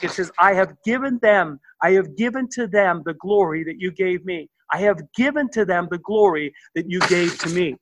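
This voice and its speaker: A man's voice: sits high, fairly bright tone, dry recording, poor audio. A man preaching a sermon as pastor, enthusiastic and quoting scripture, often stumbling and restarting.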